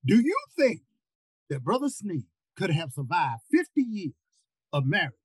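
Older man, sermon on a video call, lively swinging pitch, husky voice, dry sound. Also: normal speed, no echo, low-quality recording. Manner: repeats words, rises into near-shouts. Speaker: preacher.

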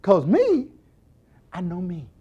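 Middle-aged male deacon teaching Bible class, high and very expressive pitch, jokey and animated. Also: takes it slowly, slightly rough, lo-fi sound. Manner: animated, acts out scenes with quoted voices, jokes and laughs.

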